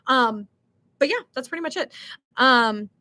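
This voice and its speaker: A woman's voice: sits high, expressive, unhurried, bright, forceful tone. A young millennial woman hosting a casual livestream, reading chat comments and answering with lots of ums, likes and giggles. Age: young adult.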